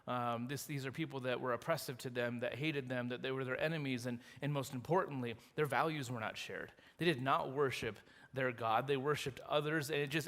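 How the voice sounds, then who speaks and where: A man preaching a sermon as pastor, retelling a story in a lively, animated way with acted quotes. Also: mid-range voice. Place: church sanctuary. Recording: long reverb of a church hall.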